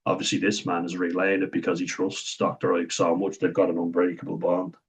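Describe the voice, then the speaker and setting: A man's voice: deep voice, monotone, a little fast, slightly rough, low-quality recording. An Irish man talking through a series in casual commentary, blunt and chatty, acting out the quoted lines as he goes. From Ireland.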